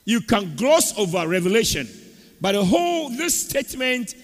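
A man's voice: high voice, very animated, moderate pace. A man preaching a sermon as pastor of a church and calling for amens from the congregation. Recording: echoey church hall.

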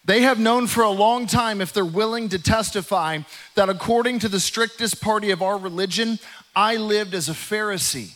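A male pastor delivers a sermon with animated energy, acting out the voices from the text. His voice sits high and bright. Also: moderate pace. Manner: animated, acts out scripture voices.

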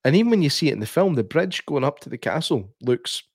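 A man's voice: fairly high pitch, very animated, fast talker, slightly rough, no room sound, clean studio sound. A Scottish man co-hosting a podcast, chatting casually about a film with lots of fillers and laughs. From Scotland. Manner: chatty, laughs often, many fillers and restarts. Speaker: podcast co-host.

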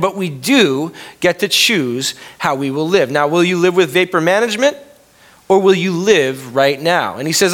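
Casual male pastor, thirties, conversational sermon with loud quoted lines and hushed asides. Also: lively intonation, normal speed. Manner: conversational preaching, rising loud when quoting Jesus; drops soft and low for personal story.

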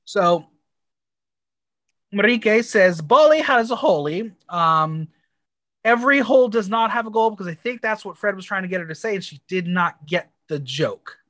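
A woman's voice: medium pitch, normal speed, fairly bright tone, dry recording, studio quality. A woman from the United States co-hosting a podcast, recapping a TV episode in blunt, crude, playful chat with exaggerated reactions. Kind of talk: casual chat.

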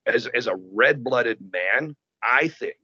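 A man in casual conversation, telling stories in an animated, profane way. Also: medium pitch, slow pace, breathy edge, dry recording. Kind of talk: casual chat. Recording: dull lo-fi sound.

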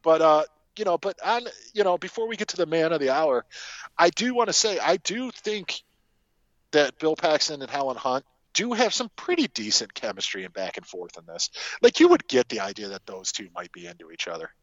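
A man's voice: fairly high pitch, big pitch swings, a little fast, fairly bright tone, no echo. A man co-hosting a podcast, chatting casually and animatedly about a movie, swearing and laughing often. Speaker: podcast co-host. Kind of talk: casual film chat. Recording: dry, dull lo-fi sound.

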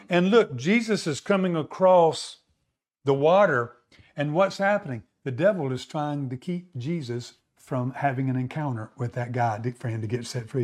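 Male preacher, slightly higher voice, chatty sermon delivery that checks in with the crowd. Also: a little mellow. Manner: conversational, repeats words, asks audience questions.

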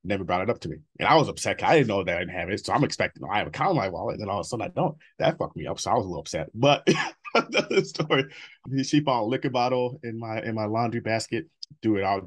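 A man's voice: lowish voice, expressive, very fast, slightly rough. A man in his thirties as an interview guest, talking bluntly and profanely about his past, with laughs between stories. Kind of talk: candid personal interview.

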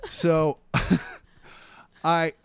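This man is a comedian spinning a tale on a podcast, jumping into voices for everyone in the story. His voice sits a touch high for a man, and the sound is close and dry with no room around it. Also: extremely slow, clean tone, no room sound. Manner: animated storyteller acting out quotes. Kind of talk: casual storytelling chat.

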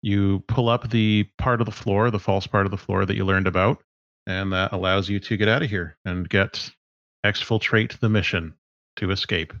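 A man narrating as game master in a tabletop game, relaxed and laughing along. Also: lowish voice, normal speed, no room sound, muffled recording.

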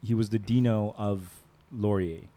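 A man's voice: on the low side, steady tone, unhurried, dark tone. Man telling rambling stories with laughs. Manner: rambling storyteller, laughs often, mimics voices. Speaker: podcast host. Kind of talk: casual chat.

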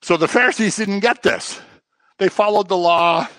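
A middle-aged man preaching a sermon, lively and dramatic, slipping into the voices of the people he describes. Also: sits high, normal speed, no echo. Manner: animated, acts out voices of people he quotes. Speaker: pastor.

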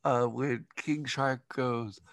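A man with a husky voice chatting casually about movies, giggling often and quoting favorite lines. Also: mid-range voice, steady tone, slow pace, no echo, studio quality.

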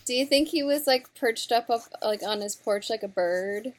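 A woman's voice: fairly high pitch, normal speed. A woman in casual chat with friends, loose and informal. She pads her talk with fillers and swears offhandedly.

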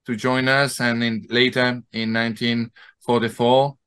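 A man from France speaks with a French accent as a guest on a talk podcast. He is formal and polite, with frequent hesitations. The sound is dry and close, at a mid pitch. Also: little pitch movement, unhurried, fairly bright tone, smooth, dry recording. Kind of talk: casual interview talk.

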